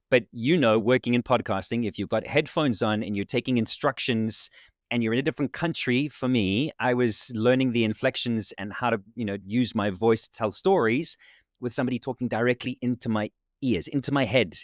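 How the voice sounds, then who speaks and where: South African man, slight Southern twang, storytelling guest, mid-pitched voice, dry sound. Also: moderate pace, dry recording. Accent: South African with a slight American Southern twang. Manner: reflective storyteller, warm thanks, laughs often. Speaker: podcast guest. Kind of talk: casual interview chat. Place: remote video call.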